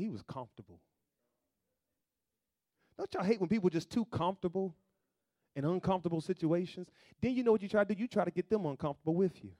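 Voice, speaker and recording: Preaching man, hushed to shouting. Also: a little high, no echo. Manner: dramatic swings from hushed to shouting, conversational preaching. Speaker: pastor. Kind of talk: sermon.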